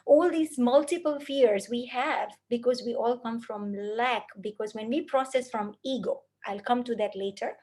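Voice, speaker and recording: A woman speaks in a voice a little higher than most. She lectures earnestly, stacking her points into repeated lists, with a self-mocking laugh here and there. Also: normal speed, hardly any pauses, darkish tone. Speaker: parenting speaker. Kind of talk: spoken lecture.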